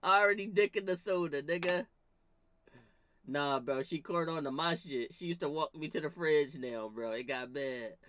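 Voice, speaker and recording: A young man telling animated, profane comedic stories in a slangy, casual rant to his viewers. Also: on the high side, moderate pace, no room sound. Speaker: vlogger.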